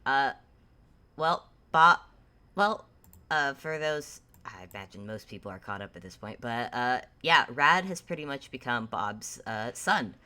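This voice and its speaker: A woman with a very deep voice hosts a tabletop game, rambling and halting as she sets the scene. Her tone is bright and forceful, and she pokes fun at herself between stumbles. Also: expressive. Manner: rambling, halting, self-mocking. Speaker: game master and host. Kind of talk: casual chat introducing a tabletop game.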